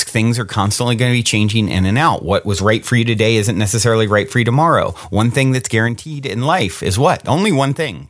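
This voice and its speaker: A man's voice: fairly low pitch, a bit bright, no echo, studio quality. Earnest man hosting a solo podcast. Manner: earnest, encouraging, rhetorical questions to listeners. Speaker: podcast host. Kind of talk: reflective solo podcast talk.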